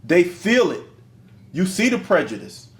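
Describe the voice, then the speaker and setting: Man, middle-aged, podcast co-host, casual slangy storytelling, somewhat high voice, echoey room. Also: unhurried. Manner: animated storyteller, slangy and emphatic. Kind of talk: casual conversation. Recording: roomy echo.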